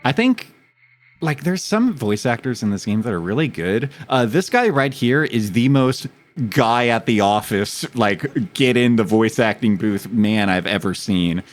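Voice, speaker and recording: A man's voice: medium pitch, expressive, measured pace. A male streamer giving chatty, jokey gaming commentary and swearing freely. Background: faint game music.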